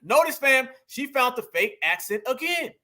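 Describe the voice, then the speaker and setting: A man in talks straight to his audience like a preacher, calling them family. His voice sits high and rings bright. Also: very animated, normal speed. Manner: preachy, addresses viewers as family and y'all. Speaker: political commentary host. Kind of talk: casual political commentary.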